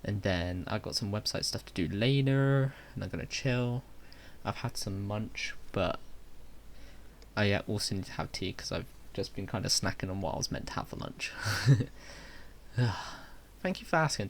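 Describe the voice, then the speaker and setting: A man's voice: lowish voice, normal speed, gravelly, slight background noise. A young man chatting casually with viewers on a live game stream, friendly and talkative.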